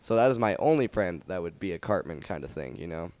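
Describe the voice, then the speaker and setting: A young man co-hosting a podcast, telling rowdy party and fight stories in a casual, profane, animated way. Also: deep voice, quick pace, no echo. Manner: profane, animated storytelling with acted quotes. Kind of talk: casual storytelling chat.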